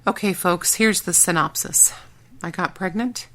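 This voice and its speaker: A blunt, no-nonsense former agent, a woman, voiced by the audiobook's narrator. She lays things out matter-of-factly in a fairly low voice. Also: unhurried, a bit bright.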